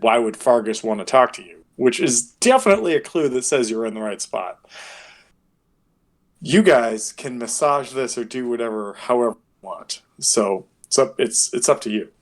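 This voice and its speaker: Rambling game master, mid-pitched man. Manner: rambling, full of "like" fillers. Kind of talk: narrating a tabletop game.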